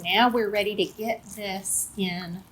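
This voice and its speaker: A woman running a kids' cooking lesson and reading a children's story aloud with an expressive storyteller's delivery. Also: mid-range voice, slow pace, a little hiss or hum. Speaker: cooking and reading teacher for kids.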